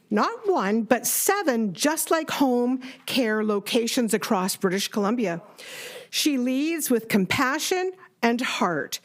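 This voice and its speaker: A woman emcees a live event, introducing the next speaker. Her voice sits fairly high and moves a lot in pitch, and she takes her time. The tone is warm and upbeat.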